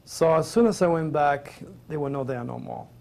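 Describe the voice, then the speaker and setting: Gravelly man with a French accent. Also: on the high side, moderate pace, a little mellow. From Provence, France. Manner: earnest, rambling, emotional. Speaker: interview guest. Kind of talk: personal storytelling.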